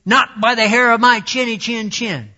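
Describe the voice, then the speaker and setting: A man voicing small defiant little pigs who shout their refusals in a storybook reading. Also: extremely high pitch, moderate pace, pitched above the performer's own voice, full character voice. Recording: dull lo-fi recording.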